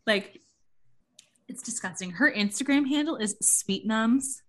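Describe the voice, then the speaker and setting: A woman with a bright, fairly high voice chats and gossips with a lot of swing in her pitch. She swears freely and slips into quick impressions of people. The talk is loose and unscripted. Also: animated. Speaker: podcast co-host. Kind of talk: casual gossip chat.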